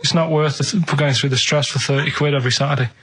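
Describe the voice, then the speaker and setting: A man speaking as a radio sidekick, flat, grumbling and deadpan on a studio mic. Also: on the high side, rapid-fire, breathy edge. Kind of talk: comic radio banter. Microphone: studio microphone.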